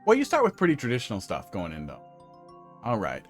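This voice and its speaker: Low-voiced with wildly swooping pitch, this man talks a little fast over faint music. He's live-streaming a level-building game, offering chatty, joking commentary and humming here and there.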